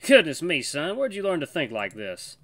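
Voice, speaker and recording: A man reading a visual novel aloud, voicing a good-natured old lion grandpa with a gentle, folksy manner. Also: fairly high pitch, huge pitch swings, moderate pace, dry recording, voice pushed up, full character voice. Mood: kindly.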